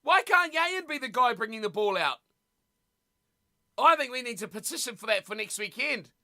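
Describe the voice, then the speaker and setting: A streamer giving casual live commentary at a rugby watch party, chatting with viewers and shouting with excitement at big plays. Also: mid-range voice, moderate pace. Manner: chatty, talks straight to viewers in chat.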